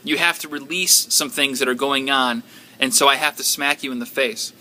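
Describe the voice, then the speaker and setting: A man's voice: mid-range voice, moderate pace, sharp tone, a little hiss or hum. A man voicing a frustrated kung fu fighter from a dream, who talks bluntly and keeps repeating his demand. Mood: insistent. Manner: blunt, insistent repetition.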